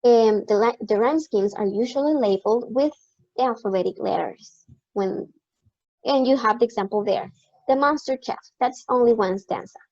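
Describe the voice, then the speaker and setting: A woman teacher with a fairly high voice gives a recorded online lecture at an unhurried pace. She explains step by step and repeats key words slowly. The recording sounds dull and lo-fi. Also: mellow.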